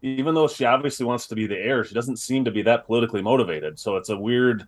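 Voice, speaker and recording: Man, podcast co-host, quick casual chat, fast pace. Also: mid-range voice. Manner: quick, hedging, with restarts.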